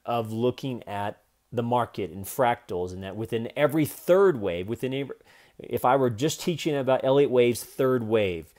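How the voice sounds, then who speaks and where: A man's voice: mid-range voice, animated, moderate pace, a little mellow. A man in his forties giving a loose, joking video lesson on day trading, with profane asides. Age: 40s.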